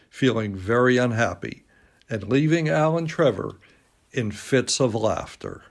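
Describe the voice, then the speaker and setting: A man's voice: medium pitch, creaky. A man reading a classic story aloud at a dining table at home, recorded on a phone, with dry self-mocking humor. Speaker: reader. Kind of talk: slow storybook narration.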